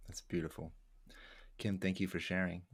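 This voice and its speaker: Low gravelly guy asking interview questions, flat and calm, dry sound. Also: moderate pace, no room sound.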